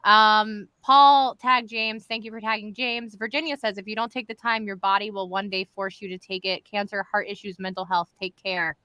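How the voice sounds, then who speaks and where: A woman's voice: mid-range voice, steady tone, moderate pace, hardly any pauses, sharp tone, smooth, no room sound. A woman hosting a live stream in casual, chatty talk, addressing viewers directly. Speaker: live show host. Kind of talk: casual livestream chat.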